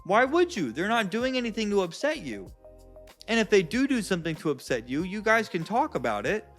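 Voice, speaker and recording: Man, somewhat high voice, blunt casual advice, faint music underneath. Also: huge pitch swings, fairly quick, fairly bright tone. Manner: blunt, conversational, addresses viewers as guys and bro. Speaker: self-help vlogger. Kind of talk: casual direct advice to camera.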